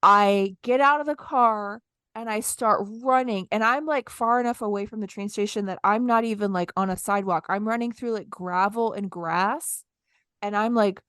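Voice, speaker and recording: A podcast co-host in her thirties tells a story in relaxed, conversational chat, animatedly acting out her own lines in little quotes. Her voice is smooth, clear, and mid-pitched at a moderate pace, recorded close and dry with no echo.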